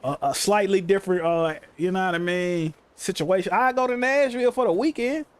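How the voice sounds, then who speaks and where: High-voiced man telling stories. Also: brisk, clear, resonant tone. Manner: profane, animated storytelling, heavy slang. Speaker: game streamer. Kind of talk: casual livestream chat.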